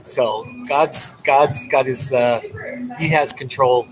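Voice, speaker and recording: A man's voice: mid-range voice, slow, rough recording. A man live streaming from a coffee shop, chatting casually and animatedly with his viewers and laughing often. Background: music playing.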